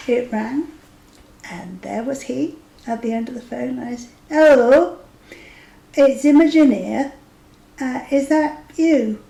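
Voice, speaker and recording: A vlogger in her fifties tells a dating story in a casual, chatty, amused way, now and then dropping to a whisper for asides. Her fairly high voice is creaky and dark. The audio is poor and reverberant, with a little hiss or hum.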